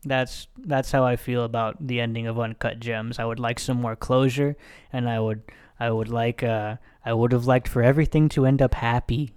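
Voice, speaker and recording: A man's voice: medium pitch, flat delivery, normal speed, a little mellow, clean tone. A man casually talking over a film's ending, rambling with many fillers and swearing. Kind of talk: casual film discussion.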